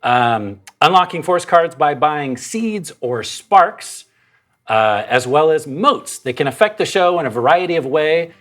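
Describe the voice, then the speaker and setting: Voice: mid-range voice, expressive, unhurried, fairly bright tone. A host giving casual show announcements in a jokey way, drifting off script as they explain how viewers can interact.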